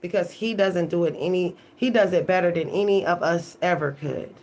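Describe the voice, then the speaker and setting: A woman's voice: fairly low pitch, normal speed, darkish tone. Emphatic, profane woman tarot reader. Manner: emphatic, profane, keeps asking "okay?". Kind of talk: live-stream monologue.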